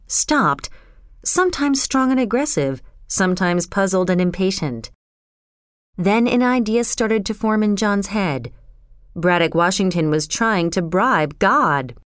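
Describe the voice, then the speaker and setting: A woman narrates a chapter of a novel as audiobook narration, in a measured, even storytelling manner. Her voice is medium-pitched, recorded in a clean studio with no room sound.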